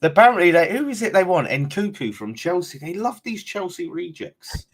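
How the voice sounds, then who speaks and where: A man's voice: sits high, very animated, moderate pace, breathy edge. A man hosting a live-streamed football fan chat, talking casually and swearing freely. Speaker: fan channel host.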